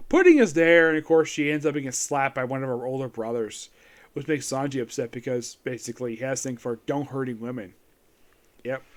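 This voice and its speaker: Rambling man recapping anime episodes. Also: medium pitch. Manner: rambling, loose, peppered with "of course" and "yep". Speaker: anime reviewer. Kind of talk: casual solo episode recap.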